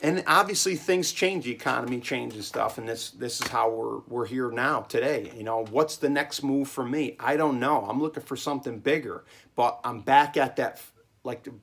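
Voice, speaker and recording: A man of middling pitch talks straight to the camera from his cellar, a small business owner sharing hard-won lessons. He rambles and repeats himself, driving points home with emphasis. He keeps checking in with a quick "okay?". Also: fairly bright tone. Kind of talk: casual monologue vlog.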